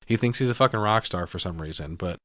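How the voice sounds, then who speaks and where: A man co-hosting a podcast, recapping a film in casual, profane, animated storytelling. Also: sits low, fast talker, no room sound, clean studio sound. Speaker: podcast co-host.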